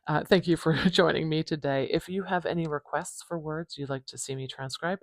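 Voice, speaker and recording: Pronunciation teacher, North American accent, mid-pitched voice, careful repetition of words, casual thinking aloud. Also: fairly even intonation, no echo. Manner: thinks aloud, repeats words slowly and deliberately. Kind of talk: informal phonetics lesson.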